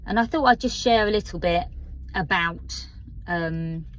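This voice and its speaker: A woman in her fifties with an Essex accent talks slowly and openly to the camera, pausing often and filling gaps with soft fillers. Her voice sits on the lower side, and a faint nervousness runs under her unhurried, reflective delivery. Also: low-quality recording. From Essex, England. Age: 50s. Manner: hesitant, candid, many pauses and fillers. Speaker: vlogger. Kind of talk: personal reflective vlog.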